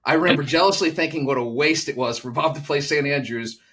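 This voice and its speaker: Male co-host, quick and husky, reads a passage aloud in casual chat. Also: fairly high pitch, fairly bright tone. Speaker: podcast co-host.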